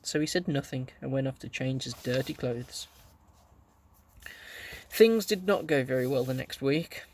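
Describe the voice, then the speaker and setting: A man reading a children's story aloud, gently telling it and lightly voicing the characters. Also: medium pitch, a little slow. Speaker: audiobook reader.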